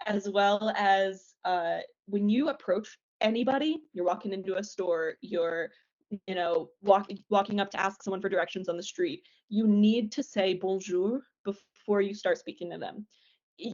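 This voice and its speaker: A young woman from the United States talks casually as a podcast guest. She is chatty and self-deprecating, with plenty of fillers. Her pitch sits in a middle range, and the audio sounds somewhat dull and lo-fi. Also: a little mellow. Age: young adult. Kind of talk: casual podcast chat over a call.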